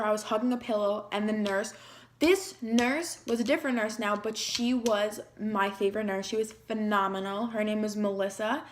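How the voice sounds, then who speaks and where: A young woman vlogger emotionally retelling a personal story in a chatty way, with lots of "like". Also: fairly high pitch. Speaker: beauty vlogger.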